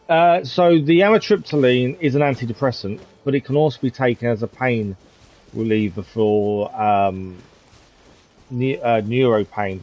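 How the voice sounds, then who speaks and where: A man's voice: on the low side, darkish tone. A man casually chatting while streaming a game, chatty and laughing often. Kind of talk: casual live-stream commentary.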